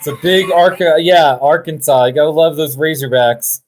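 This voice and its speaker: A man hosting a live stream from his couch, chatting casually in a relaxed, rambling way and chuckling often. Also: fairly high pitch, moderate pace. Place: sitting on a couch at home.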